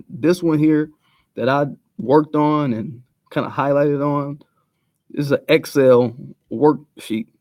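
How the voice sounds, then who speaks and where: A man's voice: medium pitch, a little mellow, no room sound. A man giving a blunt, profane commentary rant full of street slang. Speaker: video commentator.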